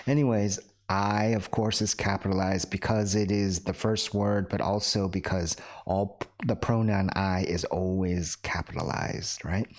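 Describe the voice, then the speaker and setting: A man's voice: deep voice, steady tone, a little slow, hardly any pauses. A man teaching an online English class, patient and repetitive, often checking in with "right?" and slipping in Korean words for his students. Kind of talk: recorded online class lecture.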